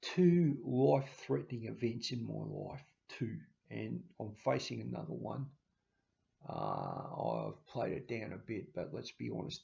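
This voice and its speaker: A man with a very gravelly, mellow voice talks haltingly into a handheld camera, stumbling and restarting often while sounding emotional. The slightly dull, lo-fi recording fits a casual home vlog. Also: lowish voice, very animated. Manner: halting, with frequent restarts and stammers. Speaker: channel host.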